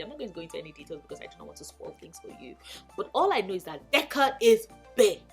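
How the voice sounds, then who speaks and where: A woman talks casually in a vlog, animated and gushing, with a bright, forceful voice. She swears freely. Soft music sits faintly in the background. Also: lowish voice. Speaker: book YouTuber. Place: home in Lagos.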